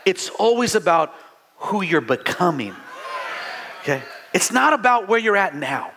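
Man, middle-aged pastor, church sermon, fervent call-and-response, high voice, bright and forceful tone. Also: sing-song, measured pace, slight background noise. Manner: fervent, call-and-response preaching with many restarts.

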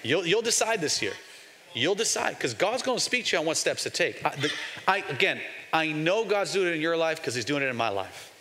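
Bright-voiced pastor in his forties. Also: on the high side, very animated, a little fast. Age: 40s. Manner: call-and-response preaching, repetitive and emphatic. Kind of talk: preaching a sermon to a congregation. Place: large church sanctuary. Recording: long hall reverb, faint music underneath.

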